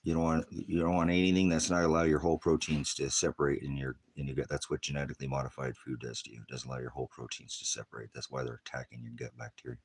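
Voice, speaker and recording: Older guy preaching off the cuff, super deep husky voice, ranty and all over the place. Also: flat delivery, quick pace, hardly any pauses. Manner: combative, ranting, jumps between topics. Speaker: pastor. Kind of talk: rambling livestream preaching.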